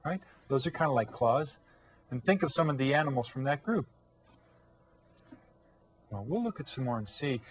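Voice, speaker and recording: A man teaching an elementary school video lesson, speaking in a friendly, encouraging way to young children and stretching out words slowly for them to repeat. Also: a little high. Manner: slow, drawn-out modeling of words for children to repeat. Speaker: Spanish teacher.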